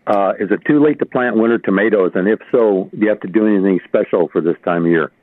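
A man's voice: fairly low pitch, fast. A man calling in to a radio gardening show, asking questions hesitantly with many fillers. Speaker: caller. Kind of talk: call-in question. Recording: tinny phone line.

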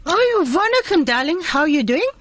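A man's voice: extremely high pitch, big pitch swings, fairly quick, fairly bright tone, a little hiss or hum, heavily acted. A man playing a flamboyant, doting aunty, gushing and calling every caller darling on a live radio phone-in. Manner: gushing, affectionate, theatrical. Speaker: comedy character guest. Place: radio studio.

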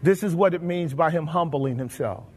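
A man's voice: a little high, moderate pace, darkish tone, slightly rough. A pastor preaching a sermon, asking his congregation questions and slipping into folksy, colloquial phrasing. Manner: colloquial, drops into folksy grammar. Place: church sanctuary. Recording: long reverb of a church hall.

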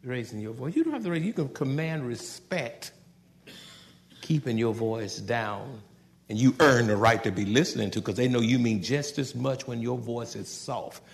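Animated man preaching with a gravelly voice. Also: mid-range voice, moderate pace, big-room sound. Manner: animated preaching, swings from loud outbursts to soft asides; folksy, conversational, laughs at own jokes. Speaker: pastor. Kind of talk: sermon.

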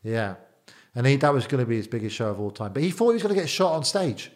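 A middle-aged man, an interview guest and former bodyguard, telling stories in a casual, animated way, often repeating words and quoting others. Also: mid-range voice, fast. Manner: animated, repeats words, quotes people in dialogue. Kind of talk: casual storytelling.

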